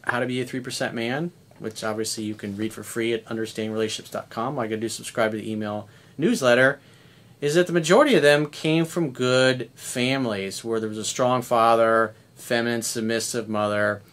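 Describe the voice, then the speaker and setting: A man in his fifties with a voice of ordinary middle pitch, talking as a dating coach. He speaks bluntly and conversationally, swearing casually as he works through a coaching monologue. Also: fairly quick, fairly bright tone. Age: 50s.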